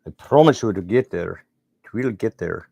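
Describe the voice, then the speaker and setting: A man's voice: lowish voice, lively intonation, normal speed, gravelly, warm tone, breathy edge, no room sound, clean studio sound, voice pushed up, full character voice. A man putting on a Scottish accent to play an earnest, exclaiming male starship engineer. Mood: insistent.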